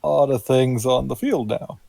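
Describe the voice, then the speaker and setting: A man playing a tabletop game, thinking aloud in a relaxed, casual way. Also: medium pitch, moderate pace, gravelly, no echo. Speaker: player.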